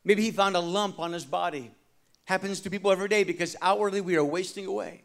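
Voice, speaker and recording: The man is a pastor giving a sermon, his high voice moving fast. His delivery alternates between forceful, loud passages and softer, hushed ones, and he invites the congregation to respond.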